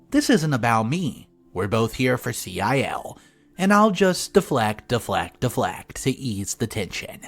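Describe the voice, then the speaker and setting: A man narrating an online family-drama story in a sarcastic, wry tone. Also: mid-range voice.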